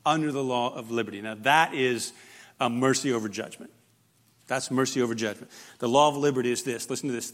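A man preaching a sermon, emphatic and dynamic, swinging from loud, fervent stretches to hushed, quiet ones. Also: mid-range voice, fairly quick. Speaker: pastor.

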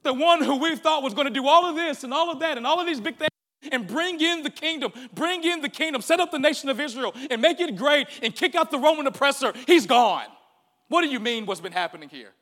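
A man's voice: high voice, huge pitch swings, a little fast, few pauses, a bit bright, husky, big-room sound, exaggerated voice. A male pastor acting out two exasperated male disciples who fire incredulous, mocking questions.

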